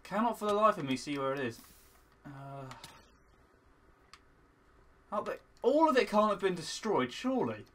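Excitable man, high lively voice. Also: normal speed, pauses often. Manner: excitable, swinging between frustrated muttering and loud shouting. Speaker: gaming channel host. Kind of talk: let's play commentary.

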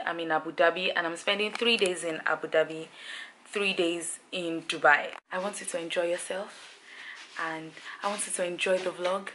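A woman's voice: lowish voice, a bit bright, slight background noise. A young woman from Nigeria chatting playfully to her handheld camera as she shows off her hotel room and tour day. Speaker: travel vlogger. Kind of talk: casual vlog narration.

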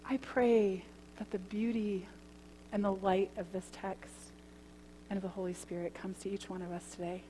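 A woman pastor giving a sermon, telling a story in a conversational way and then praying gently. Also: medium pitch, flat delivery, normal speed. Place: church sanctuary. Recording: long church hall reverb, faint hum.

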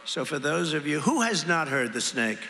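Older man rambling at a rally, gravelly. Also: fairly high pitch, sing-song, moderate pace. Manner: rambling, repetitive, ad-libbing to the crowd. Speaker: politician at a campaign rally. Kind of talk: campaign rally speech. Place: large arena rally. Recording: long reverb hall, crowd noise. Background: crowd and hum.

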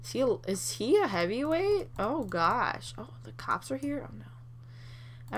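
A young woman hosting a Let's Play, reacting with excited laughs and swearing as she plays. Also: fairly high pitch, slow. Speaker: gaming channel host.

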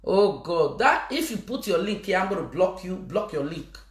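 A woman's voice: on the low side, very animated, normal speed. A woman with a Nigerian Pidgin English accent talking in a live-stream monologue, teasing her viewers, laughing and breaking into chants. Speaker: social media personality. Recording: echoey room.

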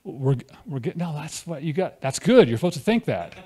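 A man's voice: on the high side, big pitch swings, fairly quick, dark tone, breathy edge. A man preaching a conversational sermon at a church fellowship, often asking the congregation questions.

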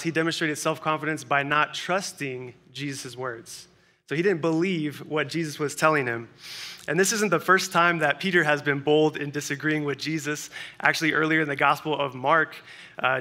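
Bright-voiced man preaching conversationally. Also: on the high side. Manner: conversational storytelling with fillers. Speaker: pastor. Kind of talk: sermon.

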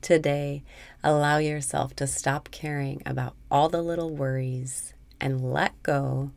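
Slow, very low-voiced woman guiding a meditation. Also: level tone, vocal fry, dry recording. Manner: slow, soothing, with soft whispered phrases. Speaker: meditation guide. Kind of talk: guided meditation.

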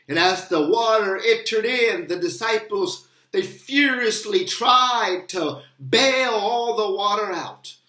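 Pastor, unhurried and emphatic sermon delivery, mid-range voice, roomy church echo. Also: mid-range voice, sharp tone. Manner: slow, emphatic preaching with repeated rising appeals.

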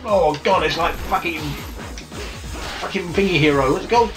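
A man's voice: high voice, normal speed, long pauses. A man commentating his own video game play, swearing constantly through frustrated outbursts. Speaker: gamer. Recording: distant mic with loud game music.

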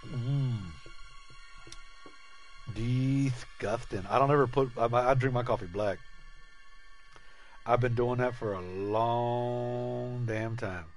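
A man's voice: medium pitch, steady tone, slow pace, long pauses, faint music behind. A man chatting casually and profanely to viewers while streaming a game, rambling and joking. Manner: loose and profane, rambling, jokey. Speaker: gaming streamer. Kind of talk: casual live-stream chat.

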